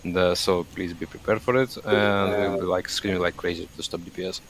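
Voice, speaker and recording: A man's voice: low voice, fairly even intonation, fairly quick. A man helping lead a game raid over voice chat, easygoing and joking with small hesitations, on a headset.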